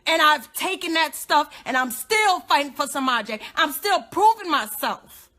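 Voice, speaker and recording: A young woman ranting on a live social media stream with a high, sharp, bright voice. She is emphatic and confrontational and hammers her points again and again. Her delivery swings from loud outbursts down to low, muttered asides. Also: lively intonation, measured pace. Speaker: godmother and activist livestreamer.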